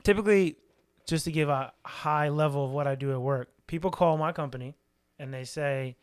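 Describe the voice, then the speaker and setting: A man hosting a casual podcast, telling a story with lively delivery and frequent laughs. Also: on the high side, brisk, smooth. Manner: animated storyteller, laughs often. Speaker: podcast host.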